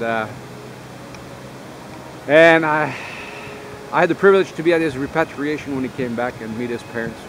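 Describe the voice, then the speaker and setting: Rambling veteran man, windy outdoor take. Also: mid-range voice. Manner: rambling, halting, full of uh and um. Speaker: army veteran vlogger. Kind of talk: casual storytelling to camera.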